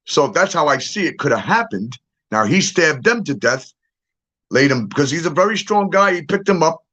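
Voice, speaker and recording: Man, middle-aged, ranting monologue, profane, bouncy pitch, higher voice. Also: sing-song, normal speed, sharp tone. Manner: blunt and profane, keeps asking "okay?". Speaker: true-crime commentator. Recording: dull lo-fi audio.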